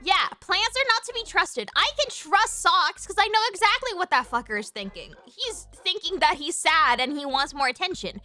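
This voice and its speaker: In a high, bright voice, a livestreamer talks spontaneously at a moderate pace with few pauses, her chat rambling and heavy with "like," free swearing, and bursts of excited squealing. Faint music plays quietly behind her.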